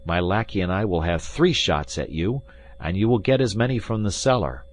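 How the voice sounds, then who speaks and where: A man doing a loud, commanding young swordsman. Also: deep voice, animated, moderate pace. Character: bold young male swordsman, quick-witted, commanding.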